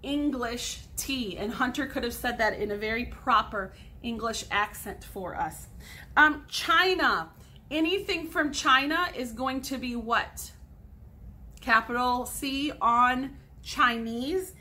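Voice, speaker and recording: A woman's voice: fairly high pitch, slow, bright, forceful tone. A woman in her forties, a sixth grade teacher, patiently explaining grammar step by step in a recorded lesson for students at home.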